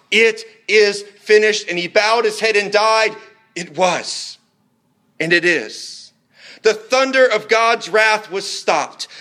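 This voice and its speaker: A man preaching a sermon in an earnest, measured way, slowing down for emphatic phrases. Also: high-pitched, sharp tone.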